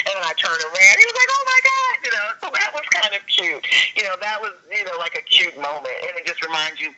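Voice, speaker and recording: A woman actor telling a lively story in a casual interview, acting out what other people said. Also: lowish voice. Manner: animated storyteller, acts out quotes in a raised voice. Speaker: actor guest. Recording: dull lo-fi sound.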